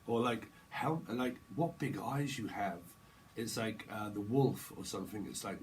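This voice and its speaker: A man's voice: mid-range voice, expressive, unhurried, a little hiss or hum, rough recording. A man giving a casual, rambling tarot reading, laughing often and using slang. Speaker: tarot reader.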